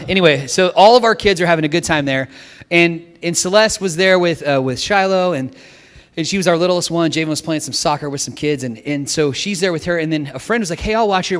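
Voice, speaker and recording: A male pastor preaching a story-driven sermon, his voice sitting a little high for a man. He shifts between quick, animated storytelling and soft, emotional moments. The sound carries the long reverb of a large hall. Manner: emotional storytelling, from brisk to hushed.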